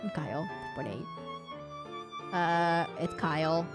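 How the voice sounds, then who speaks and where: A woman voicing an easygoing teenage schoolboy in a game, with a lowered, flat, matter-of-fact delivery. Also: slow, over music.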